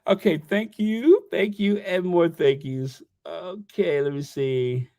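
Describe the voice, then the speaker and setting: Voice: mid-range voice, slow, warm tone, no echo, clean studio sound. A livestream host chatting casually, rambling and stammering while reading viewer messages aloud.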